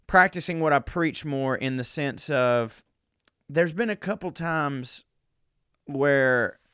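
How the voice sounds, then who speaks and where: A man's voice: on the high side, a bit bright, smooth, no echo, clean studio sound. A man from the South, hosting his podcast in a rambling, self-deprecating casual monologue and swearing freely. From American South. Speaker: podcast host.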